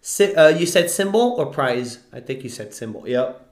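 A man live-streaming scratch-off tickets, talking excitedly to his chat and yelling at big wins. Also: on the high side, moderate pace, a little hiss or hum. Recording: echoey room.

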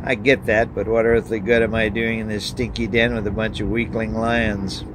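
A man's voice: on the low side, little pitch movement, moderate pace, background noise, close to an everyday voice. A man voicing sarcastic prophet Daniel. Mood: exasperated. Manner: sarcastic and blunt.

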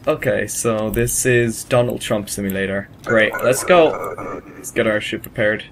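A man's voice: fairly low pitch, measured pace, creaky, background noise. Chatty man commenting over a game. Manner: chatty, swears freely. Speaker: gaming video host. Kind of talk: casual let's-play commentary. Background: game music.

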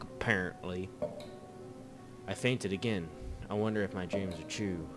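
Low-voiced guy playing a creepy game, cussing a lot, game music clear behind him. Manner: swears a lot, reads game text aloud. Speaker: gamer. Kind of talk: let's play commentary.

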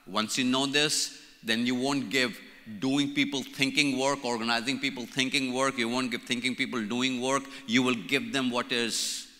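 A man's voice: medium pitch, fairly even intonation, moderate pace, sharp tone. A man in his sixties from India with an Indian accent, giving a playful church leadership conference talk and repeating key words for emphasis. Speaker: conference speaker. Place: large conference hall. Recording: reverberant hall.

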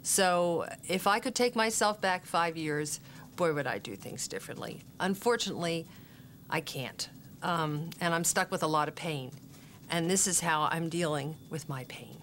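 A woman's voice: sits low, moderate pace, a bit bright, a little hiss or hum. A middle-aged woman speaking as a mother of a son who died, earnest and emotional, her voice breaking with grief. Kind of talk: emotional interview testimony. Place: interview gathering with parents and youth.

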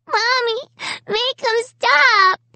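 A woman's voice: very slow, bright, forceful tone, no room sound, full character voice. A woman voicing a frightened three-year-old girl who wails and cries in a storybook reading. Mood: wailing. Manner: wailing, high and tearful.

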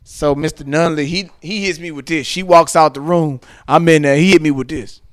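Brief: high-pitched male podcast co-host, AAVE, animated comic storyteller, dry close mic. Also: moderate pace, no room sound. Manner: animated, acts out voices, breaks into shouts and laughter. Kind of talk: comedic storytelling.

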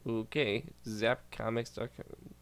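A man's voice: mid-range voice, steady tone, slow, vocal fry, clean tone. A man doing casual reaction commentary as a YouTuber, reading posts aloud, stumbling over words and bursting out in disbelief.

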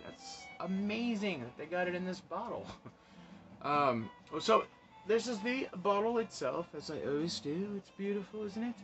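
A man's voice: medium pitch, poor audio. Chatty man hosting a cocktail show. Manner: chatty, enthusiastic, laughs often, repeats himself. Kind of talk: casual spirits review vlog. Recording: music playing behind.

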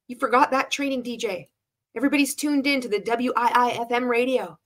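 A woman with a fairly high, fairly bright voice talks quickly, giving sarcastic commentary on a sales pitch clip she's watching. It's casual and blunt, full of swearing, and she laughs between remarks.

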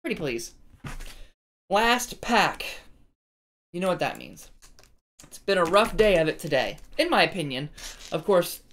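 Lively, low-voiced woman opening cards. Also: unhurried, pauses often, slight background noise. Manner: chatty and self-deprecating, talks to viewers. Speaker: card-opening channel host. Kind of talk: casual chat while opening card packs.

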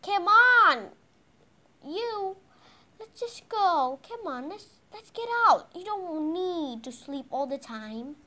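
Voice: sits high, expressive, takes it slowly, few pauses, warm tone. A child voicing a bossy adult female mother pony in a toy play, scolding and nagging.

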